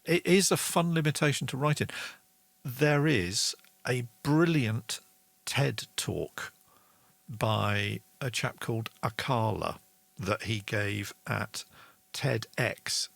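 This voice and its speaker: A man's voice: mid-range voice, slow, creaky, fairly bright tone, dry recording. A middle-aged man hosting a casual online songwriting lesson, chatty and enthusiastic as he explains meter. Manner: chatty and enthusiastic, reads viewer comments aloud, sings rhythm syllables. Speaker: songwriting show host.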